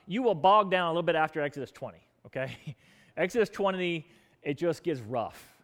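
Animated high-voiced preacher man. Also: normal speed, long reverb tail. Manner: animated storytelling, acting out grumbling crowds in quoted voices. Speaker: pastor. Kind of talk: sermon. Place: church.

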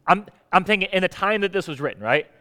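A pastor from the Southern US preaching in a loose, conversational sermon. His voice sits a bit high for a man, and he swings between punchy emphasis and low, dry asides. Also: expressive, quick pace, bright, forceful tone.

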